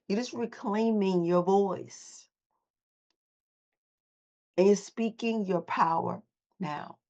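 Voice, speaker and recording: Woman leading a motivational morning call. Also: fairly low pitch. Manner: affirming, repeats phrases for listeners to echo. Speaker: host and voice coach.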